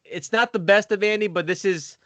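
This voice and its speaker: Relaxed male podcast co-host. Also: high-pitched, fairly quick, no room sound. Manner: relaxed, hesitant with many fillers. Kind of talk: casual chat.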